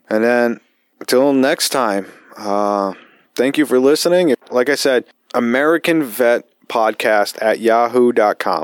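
A man's voice: mid-range voice, clean tone, dry recording, clean studio sound. A man who hosts a podcast as a military veteran. He tells stories casually, swearing often and rambling with lots of fillers. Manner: profane, rambling, with frequent fillers. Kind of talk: casual storytelling.

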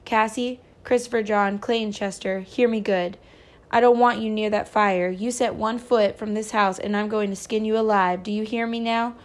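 A woman's voice: mid-range voice, fairly even intonation, normal speed, close to an everyday voice. A woman reading aloud voices a stern, protective rural mother who gives firm, urgent orders.

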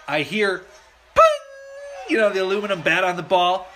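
A middle-aged man telling a story in casual chat. He acts out the voices with shouts and swears a lot. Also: sits high, quick pace, over music.

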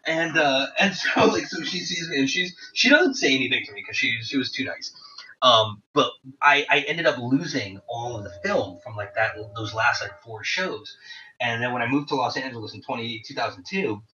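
A man in his forties casually telling rambling, profane stories about touring, with animated quoting. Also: medium pitch, moderate pace, slight background noise. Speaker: guest telling tour stories. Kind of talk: casual storytelling chat. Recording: roomy, distant, dull lo-fi sound.

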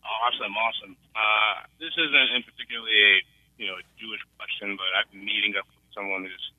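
A man's voice: lowish voice, steady tone, brisk, no echo. A man from South Carolina calling in to a radio show, friendly and casual. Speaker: caller. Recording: tinny phone line.

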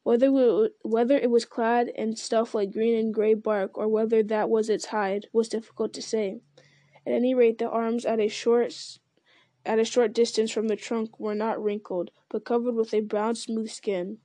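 A woman reading a novel aloud in a steady, unhurried storytelling manner. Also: fairly high pitch, dry recording. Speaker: reader.

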